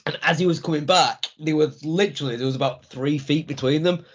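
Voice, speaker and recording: On a wrestling podcast with dull lo-fi sound, a male co-host with a fairly high voice talks briskly and eagerly. He laughs as he recounts the show in casual chat, acting out how the crowd reacted.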